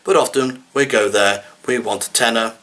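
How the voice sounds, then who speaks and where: Wry man with a bright voice. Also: mid-range voice, moderate pace. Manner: dry, deadpan asides with sudden exasperated quoted pleas. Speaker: comedian. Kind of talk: wry comic monologue.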